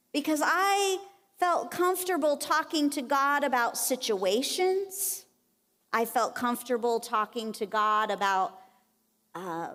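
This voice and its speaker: High-voiced woman preaching in a church. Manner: conversational, animated, acts out quotes. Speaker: conference speaker. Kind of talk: sermon. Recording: long reverb of a church hall.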